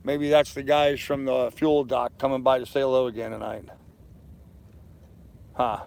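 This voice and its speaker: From his sailboat at anchor, a weary man in his fifties reads his live chat aloud and replies casually, yawning as he rambles. His voice is a little high and gravelly.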